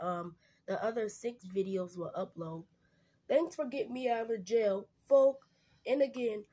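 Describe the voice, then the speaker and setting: Plush ex-con guy, loud and whiny, a woman voices him, homemade skit. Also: mid-range voice, lightly acted. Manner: loud, whiny, repeats folk. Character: sorry male ex-convict plush who keeps saying folk.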